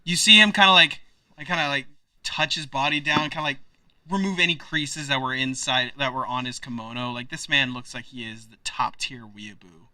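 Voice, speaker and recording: A man's voice: mid-range voice, fairly even intonation, normal speed, bright, forceful tone, dry recording, distant mic. A man narrating as game master in a tabletop role-playing game, rambling with lots of fillers. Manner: rambling, many fillers like kinda and like.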